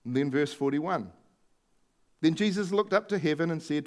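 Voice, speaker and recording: High-voiced man preaching a sermon. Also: moderate pace. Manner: conversational storytelling with emphatic stresses.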